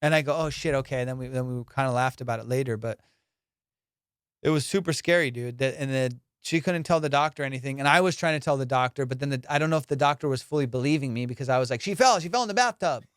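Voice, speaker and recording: A man, a comedian and podcast host, telling a story in casual chat, animated and swearing as he acts out what people said. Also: mid-range voice, fast talker, smooth, no room sound, clean studio sound.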